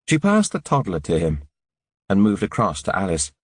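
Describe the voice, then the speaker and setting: A man narrating an audiobook in a measured, sombre reading. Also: sits low, wildly swooping pitch, breathy edge, no echo, clean studio sound. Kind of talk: scripted narration.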